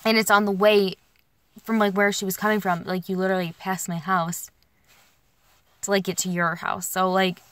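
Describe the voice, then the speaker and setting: A woman's voice: mid-range voice, flat delivery, moderate pace, fairly bright tone, clean tone, no echo. Rambling young woman venting, very dry sound. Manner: rambling, frequent "like" fillers and restarts. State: emotionally worn, feeling alone. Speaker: vlogger. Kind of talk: casual venting while driving. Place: in a car.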